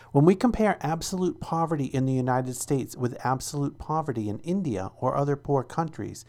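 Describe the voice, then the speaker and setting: A radio host with a lively, swooping voice who talks between records. The delivery is earnest and enthusiastic, and it speeds up when reading an article aloud. The pitch sits in the middle.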